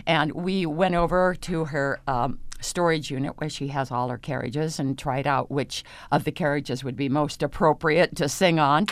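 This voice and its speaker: A middle-aged woman with a low voice talks as a guest on a radio interview about singing. She explains things slowly, hesitating often, and the sound is close and dry with no room. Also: fairly even intonation, no echo. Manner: unhurried, explanatory, with frequent hesitations and light laughs. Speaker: opera singer and voice teacher.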